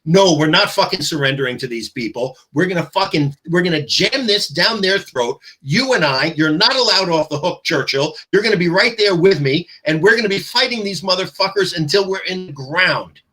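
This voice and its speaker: A man's voice: sits high, animated, moderate pace, few pauses, sharp tone. A man hosting a casual political chat, combative and profane, getting heated as he argues. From New York. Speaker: host.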